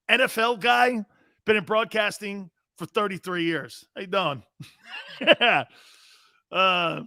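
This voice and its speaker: Brash middle-aged man with a bright, punchy voice. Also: high-pitched, no room sound, studio quality. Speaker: sports talk show host. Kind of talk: casual live-stream talk, reading chat.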